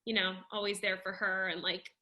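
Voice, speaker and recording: A woman's voice: medium pitch, little pitch movement, fairly quick, bright, forceful tone. A young adult woman hosting a livestreamed show, introducing acts in a gushing, chatty way full of filler words. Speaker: festival host.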